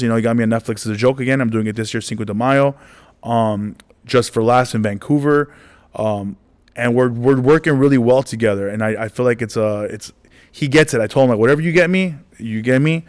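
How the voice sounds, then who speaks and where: A man in his forties, a comedian telling stories in a casual interview, rambling and animated, acting out the dialogue. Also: medium pitch, a little fast. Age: 40s. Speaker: comedian guest.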